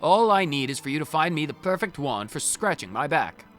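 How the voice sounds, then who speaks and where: A fussy, pompous old schoolmaster, put on by a man, voiced a notch high and swinging through a lively range. He fires off old-fashioned exclamations and brisk orders in a video game voice. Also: soft background music. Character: pompous fussy old male academy teacher.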